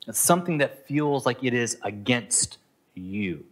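A man's voice: mid-range voice, lively intonation, a little slow, a bit bright. A middle-aged man preaching a sermon in an earnest, conversational way, now and then acting out the inner voices of his listeners. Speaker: pastor. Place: Southeast Asia.

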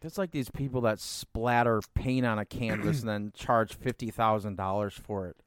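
A man's voice: lowish voice, fairly even intonation, moderate pace, clear, resonant tone, dry recording, studio quality. A man hosting a comedy podcast, reading out odd news stories with wry, laughing asides. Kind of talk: casual comedy podcast chat.

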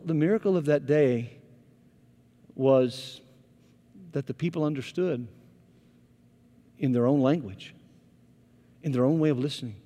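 Male pastor, lively sermon storyteller, slightly high voice, long hall reverb. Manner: animated storytelling, volume rising and falling. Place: church sanctuary.

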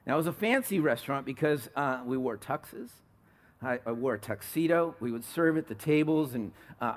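A middle-aged male pastor from California delivers a sermon in an easy, conversational way. He mixes personal stories with rhetorical questions to the congregation. His speaking voice sits a little high for a man.

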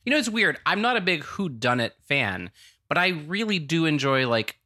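An American man chatting casually about movies as a podcast co-host, animated and rambling, often restarting his sentences. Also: on the high side, moderate pace. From United States.

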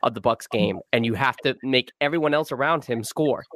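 Male guest analyst, mid pitch, dry close mic, measured and deadpan. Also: no echo. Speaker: guest podcast host. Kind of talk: sports analysis in podcast chat.

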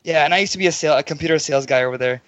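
A man's voice: fairly high pitch, racing, no echo. A man on a podcast, telling stories with animation and acting out what others said in casual chat. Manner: animated storytelling, acts out quotes.

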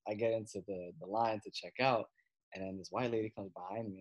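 A man's voice: lowish voice, steady tone, brisk, dry recording. A young man, a comedian guest, telling stories in a laid-back, slangy way full of fillers. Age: young adult. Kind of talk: casual storytelling chat.

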